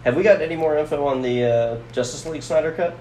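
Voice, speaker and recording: A man's voice: a little high, quick pace, mellow. A man co-hosting a casual podcast, chatty and thinking aloud. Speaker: podcast co-host. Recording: echoey room with faint hiss.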